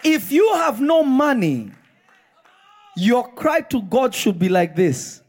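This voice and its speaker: A man preaching a live sermon in a church, reading scripture slowly and then breaking into impassioned shouts. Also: extremely high pitch, big pitch swings, a faint crowd. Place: church sanctuary.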